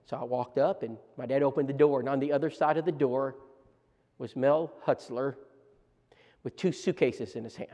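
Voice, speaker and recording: A man preaching a seminar lesson as a story, animated and repeating words in quick bursts. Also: mid-range voice. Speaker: preacher teaching a church seminar. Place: church auditorium. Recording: long reverb of a church hall.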